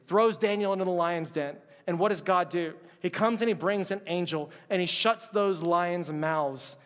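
A man with a high voice delivers a sermon in a relaxed, conversational way and acts out the quotes he reads. The long reverb marks a large hall. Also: normal speed, hardly any pauses. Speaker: pastor.

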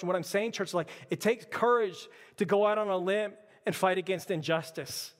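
A man's voice: high voice, normal speed, few pauses, in a large hall. A man preaching a sermon as pastor, emphatic and repetitive, with stammered restarts.

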